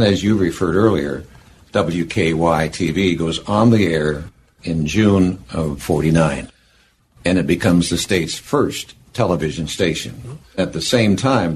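A male interviewer with a very deep voice, setting out historical facts and dates in a measured, steady way. A faint background noise runs under the recording.

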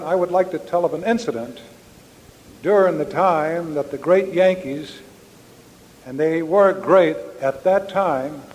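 A man's voice: on the high side, a little mellow. An older man giving a speech about his ballplaying days, telling folksy anecdotes straight to the audience. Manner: folksy storytelling, addresses the audience directly. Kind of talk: after-dinner anecdote speech. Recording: reverberant hall with faint background noise.

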